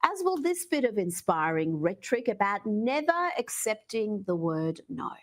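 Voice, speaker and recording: A woman's voice: medium pitch, very animated, normal speed. A woman giving scripted news commentary in a sarcastic, mocking tone.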